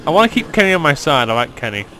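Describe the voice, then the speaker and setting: A man riffing over a video game with crude, sarcastic jokes. His high voice swoops wildly up and down, and a faint hiss sits in the background. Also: big pitch swings, very fast, bright, forceful tone, rough recording. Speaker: let's play gamer. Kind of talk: casual gaming commentary.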